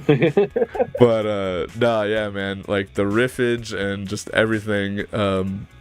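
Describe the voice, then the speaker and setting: Rambling low-voiced man chatting about music. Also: takes it slowly, clear, resonant tone. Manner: rambling, filler-heavy, mouths bass riffs aloud. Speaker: podcast panelist. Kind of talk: casual chat about music.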